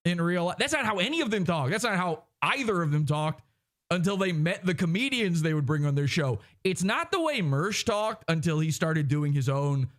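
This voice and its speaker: A man hosting a podcast livestream, sitting a little high in pitch for a man. He rants with wide swings up and down, mocking as he goes. He keeps dropping into quick impressions. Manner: animated, mocking, slips into impressions. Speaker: podcast host. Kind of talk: ranting livestream commentary.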